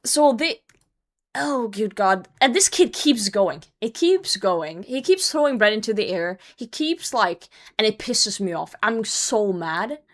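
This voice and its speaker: A young adult woman chats casually with her livestream audience, telling a rambling story. She swears freely and gets animated, then drops into low mumbles at the ends of her thoughts. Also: a little slow. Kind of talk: casual storytelling to stream chat.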